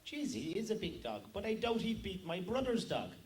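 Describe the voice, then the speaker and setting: A man's voice: high voice, very animated, normal speed, a little mellow. A man voicing a sly, chatty little man from Cork in a joke. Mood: boastful.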